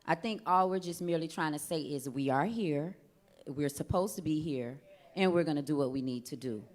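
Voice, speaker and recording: A woman's voice: sits low, moderate pace, a little mellow. A woman educator speaking as a guest on a panel talk show, firm and confident.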